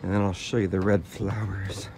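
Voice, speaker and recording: A man giving a casual walking tour by a lake in a playful, chatty way, pausing often with "uh". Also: low voice, level tone. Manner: playful, chatty, with frequent "uh" pauses. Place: outdoors by a lake. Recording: outdoor background noise.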